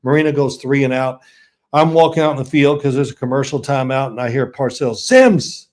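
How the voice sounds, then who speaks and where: An older man, a guest on an interview show, telling animated stories and laughing as he goes. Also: medium pitch, brisk. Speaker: guest, former quarterback. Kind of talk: storytelling in an interview.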